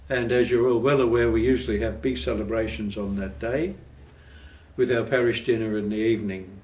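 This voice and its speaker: A man who seems to be the parish priest, giving an informal, slightly halting parish announcement. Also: fairly low pitch, steady tone, darkish tone. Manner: informal, rambling and a little halting. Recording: echoey room, distant mic, faint hum.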